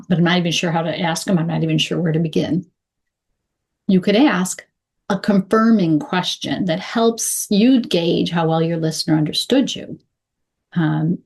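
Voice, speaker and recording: Low-voiced woman teaching clear English. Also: a little mellow. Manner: deliberate, models phrases slowly with pauses. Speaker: English pronunciation coach. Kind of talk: instructional talk to camera.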